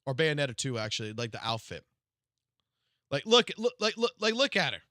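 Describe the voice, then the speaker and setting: Profane, excitable male game streamer. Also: mid-range voice, fairly quick, no echo, clean studio sound. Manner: profane, excitable, swings from mutters to loud outbursts. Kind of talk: live stream reaction rant.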